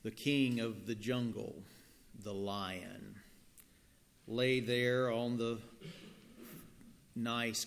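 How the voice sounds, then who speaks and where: A male pastor reading scripture and telling a story in a sermon, in a gentle, deliberate manner, in a church. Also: medium pitch. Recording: long church reverb.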